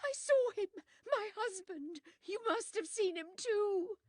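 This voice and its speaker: A woman's voice: extremely high pitch, lively intonation, slow pace, dry recording, studio quality, voice pushed up, full character voice. A woman voicing a hysterical, terrified middle-aged widow who shrieks and cries out in panic.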